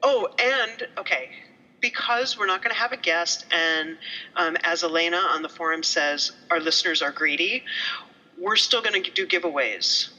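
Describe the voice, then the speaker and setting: A woman's voice: lowish voice, normal speed, pushed and bright, rough recording. A woman co-hosting a podcast in casual, rambling chat, a bit tipsy and swearing casually. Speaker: podcast co-host.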